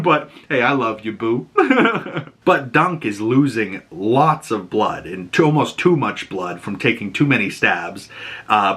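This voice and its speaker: Bright-voiced Boston man recapping casually. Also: medium pitch. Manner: animated, acts out characters' lines, casual swearing. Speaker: podcast host.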